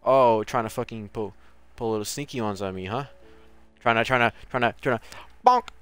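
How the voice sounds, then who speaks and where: A man's voice: medium pitch, moderate pace, fairly bright tone, smooth, soft background music. A man streaming a video game, commenting live with casual, profane trash-talk at other players.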